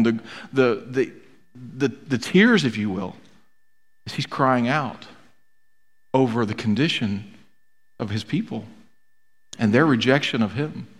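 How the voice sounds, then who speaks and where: A man preaching a sermon earnestly, often repeating words for emphasis. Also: medium pitch. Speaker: pastor. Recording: long hall reverb.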